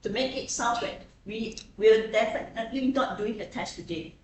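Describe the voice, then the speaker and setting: A woman lecturer teaches a class, constantly checking in with students through tag questions. Her voice is fairly high and moves at a normal speed, captured by a distant mic in a very echoey classroom with faint hiss.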